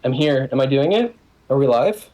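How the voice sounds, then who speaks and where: Chill guy w a mellow dark voice, rambles and swears, tabletop game chat. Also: mid-range voice, lively intonation, muffled recording, a little hiss or hum. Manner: rambling, halting, swears casually. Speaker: player.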